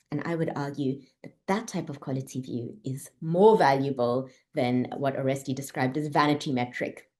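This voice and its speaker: A woman speaking as a panelist over a video call, explaining her points clearly with rhetorical questions. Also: sits low, mellow. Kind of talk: panel discussion.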